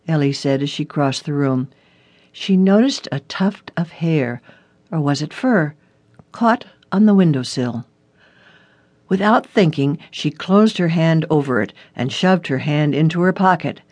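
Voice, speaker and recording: An audiobook narrator giving a steady, scripted reading of a short suspense story. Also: medium pitch, a little slow, dry recording.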